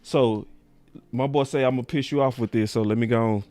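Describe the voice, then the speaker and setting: A man's voice: mid-range voice, steady tone, a little fast, darkish tone, soft background music. Playful laughing co-host man. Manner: playful, laughing, egging the speaker on.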